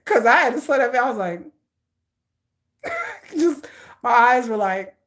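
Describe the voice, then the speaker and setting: A woman vlogger chats casually with her viewers in a high, bright-sitting voice. Her pitch leaps around constantly as she jokes and breaks into frequent laughter, playful and chatty throughout. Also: expressive, normal speed.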